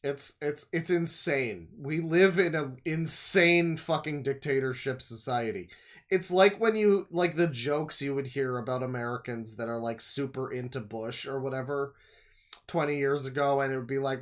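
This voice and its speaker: A man's voice: medium pitch, moderate pace. A man from Canada, streaming and reacting to a video with profane, sarcastic, exasperated rants. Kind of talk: casual ranting commentary.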